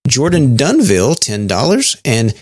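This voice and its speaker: A man co-hosting a podcast in casual chat, talking in a halting way with many fillers and restarts. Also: mid-range voice, huge pitch swings, a little mellow, husky, no echo, clean studio sound. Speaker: podcast co-host.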